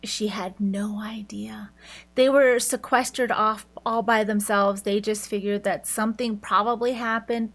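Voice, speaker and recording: Chatty woman retelling a book's plot. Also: mid-range voice. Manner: chatty, many fillers and self-corrections, laughs often. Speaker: book reviewer. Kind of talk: casual book review retelling the plot.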